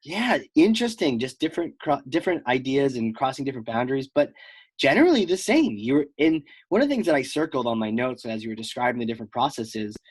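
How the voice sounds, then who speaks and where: A man's voice: medium pitch, big pitch swings, quick pace, slightly rough, dry recording. A man hosting a marketing podcast, chatting casually and joking around with his guest. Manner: jokey, playful, breaks into mock voices. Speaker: podcast host. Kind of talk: casual interview chat.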